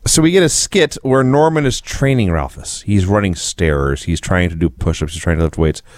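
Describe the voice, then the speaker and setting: A man's voice: low voice, animated, normal speed, no echo. A man co-hosting a casual podcast, recapping events with wry sarcasm. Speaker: co-host.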